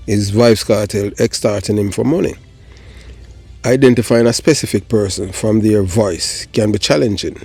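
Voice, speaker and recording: A man's voice: fairly low pitch, darkish tone, breathy edge. A Jamaican man hosting his channel, giving a rambling casual commentary that slips in and out of patois. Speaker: channel host.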